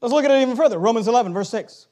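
A man's voice: very high voice, expressive, very fast, a little mellow. A man preaching a sermon, stressing key words, asking rhetorical questions and reading scripture aloud.

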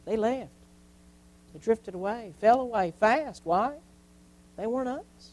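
A high-voiced man preaching from the pulpit. He hammers points with repetition and lets his voice fall to a hush for effect before rising again. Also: measured pace, pauses often, rough recording. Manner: preaching with swings from loud emphasis to quiet, repeated phrases. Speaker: pastor. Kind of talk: sermon.

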